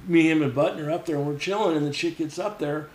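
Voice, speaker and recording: A man's voice: a little high, fast, slight background noise. A middle-aged man spins a rowdy story as a podcast guest, his voice sitting a touch above the usual male range. He swears casually and keeps slipping into the voices of the people he describes. The sound rings with a noticeable room echo. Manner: profane, animated, acts out quoted voices. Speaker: podcast guest, former mechanic. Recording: roomy echo.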